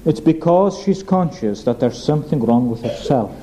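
A man preaching a sermon, earnest and emphatic, slowing down on weighty phrases. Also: medium pitch, animated, warm tone, slight background noise.

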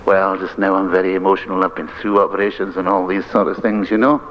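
A man's voice: low voice, little pitch movement, fast talker. An older man, a minister preaching an earnest, emphatic sermon. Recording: dull lo-fi archive recording with faint hiss.

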